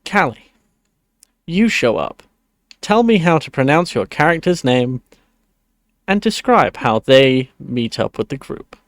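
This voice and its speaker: A man acting as game master, narrating and voicing characters in a measured way. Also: mid-range voice, big pitch swings, dry recording, studio quality.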